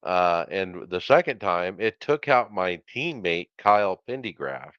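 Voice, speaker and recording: Deep, smooth-voiced podcast host. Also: male voice, lively intonation, a little slow, a bit bright, no echo, dull audio. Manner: runs the segment, calls on co-hosts. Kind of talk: casual chat.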